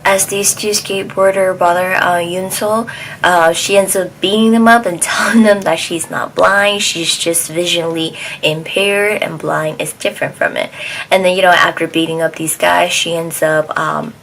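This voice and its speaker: A woman's voice: on the low side, fairly even intonation, moderate pace, vocal fry, a bit bright, slight background noise, rough recording. A woman retelling a drama plot in a casual, rambling way, full of fillers, restarts and acted-out lines. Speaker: drama reviewer.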